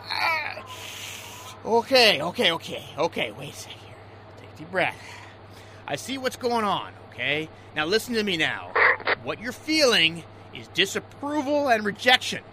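An actor playing a gruff fishing boat skipper who stammers and swings between bellowing orders and coaxing his crewman. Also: extremely high pitch, very animated, a little slow, few pauses, exaggerated voice. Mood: soothing. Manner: stammering, swings from yelling to soothing. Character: gruff male fishing skipper, hot-tempered yet coaxing. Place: outdoors on a boat. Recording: noisy outdoor recording.

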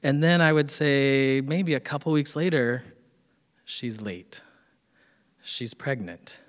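A man tells a true personal story to a live audience, animated and quick to poke fun at himself. His voice sits at a middling pitch and carries a long reverb from the hall. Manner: animated, self-mocking storytelling.

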